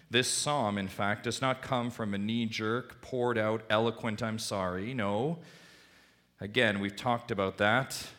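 A man preaching a sermon, pushing his voice up high on key points and letting it drop low at the ends of lines. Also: fairly bright tone. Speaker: pastor.

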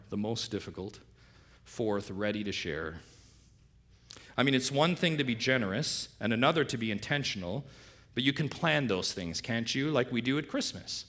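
Middle-aged guy preaching, lowish voice that jumps way up when he pushes a point. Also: fairly bright tone. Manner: emphatic preaching, rhetorical questions, voice swings up and down. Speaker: pastor. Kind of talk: sermon.

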